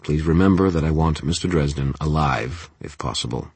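A cold, menacing crime boss speaks in slow, measured tones laced with scorn, as an audiobook narrator puts him on. The voice sits extremely low and sounds husky. It is recorded dry, with no room sound. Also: male voice, darkish tone, no echo, full character voice. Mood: cool, calculating.

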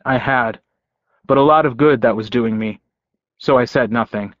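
A man giving first-person audiobook narration in a measured, brooding way. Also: mid-range voice, dry recording. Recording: slightly dull dry audio.

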